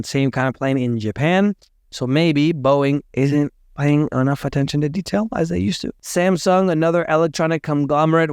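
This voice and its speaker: A man giving casual commentary on market and economic news, thinking aloud, hedging his facts and doing quick math as he talks. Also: on the high side, clear, resonant tone, no echo, studio quality.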